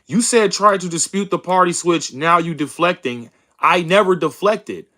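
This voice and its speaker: His voice sits high, pushed and bright, at a normal speed, as this young political streamer reads chat. He mocks and argues heatedly with people, leaning on bro and dude, in casual, combative commentary.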